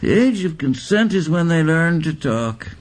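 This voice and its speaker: A man voicing a callous, coldly clinical doctor in a flat, detached way. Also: a little high, measured pace.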